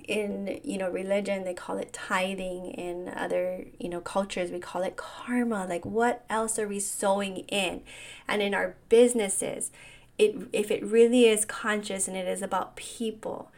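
A woman's voice: mid-range voice, steady tone, measured pace, a little mellow. A woman, hosting a solo coaching talk in an earnest, reflective way and often asking "right?". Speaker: business coach podcast host.

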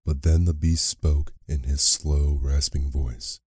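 Very deep, husky man reading a sleep story. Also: fairly even intonation, no room sound, clean studio sound. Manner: slow, soft and measured. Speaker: narrator. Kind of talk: bedtime sleep story narration.

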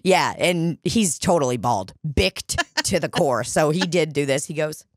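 A podcast co-host with a deep voice tells a bar story in a dining room studio, swearing heavily and acting out the voices of the people she quotes. She talks a little slowly and animatedly, and the studio-quality audio has no echo.

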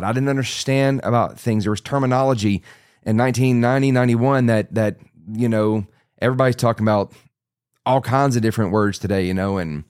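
A man's voice: mid-range voice, a little mellow, no room sound, clean studio sound. A man in his forties preaching, telling his own testimony in an earnest, storytelling way with many restarts and asides. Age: 40s. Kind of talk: sermon testimony.

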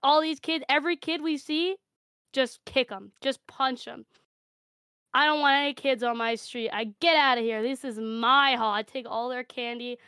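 A woman improvising a crude, over-the-top comic story, brash and deadpan, swearing freely. Her voice sits a little high, smooth and clear. It is recorded close and dry, with no room sound. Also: normal speed, dry recording. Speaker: panelist.

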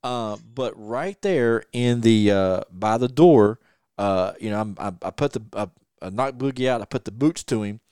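Man telling a lively wrestling story. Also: lowish voice, moderate pace, clean tone, no echo, studio quality. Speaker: podcast host and former wrestler. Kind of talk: casual storytelling interview.

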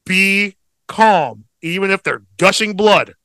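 A high-sitting, clear, resonant male voice moves at a slow pace with no echo. The speaker, a man in his thirties co-hosting a podcast, tells a family story casually, with animated delivery and frequent swearing.

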